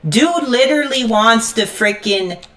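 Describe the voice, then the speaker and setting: A woman's voice: on the high side, expressive, a little slow, a bit bright. Woman streamer, furious live rant, profane and stammering. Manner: repeats "frickin'" constantly. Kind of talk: angry live-stream rant while gaming.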